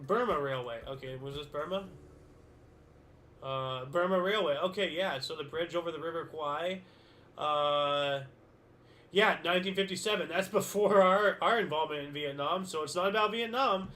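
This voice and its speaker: A man with a slightly high, bright voice and a forceful tone hosts a daily history show, reading out dated events. He muses on them casually and ramblingly, with lots of fillers and self-corrections, over faint background music.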